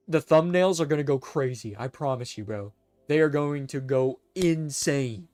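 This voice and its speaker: A man's voice: medium pitch, no room sound. A man streaming and chatting casually, rambling and stammering as he corrects himself mid-sentence. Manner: rambling, stuttering, self-correcting; excitable, chatty. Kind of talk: casual live-stream commentary.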